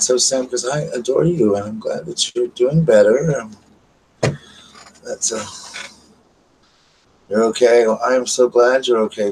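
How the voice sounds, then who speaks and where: A man chats warmly to his live viewers from his bedroom, greeting each one by name with an easy, mid-pitched voice. He rambles affectionately and a faint noise sits behind him. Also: poor audio. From US South. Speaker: channel host. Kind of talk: casual live-stream chat. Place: bedroom at home.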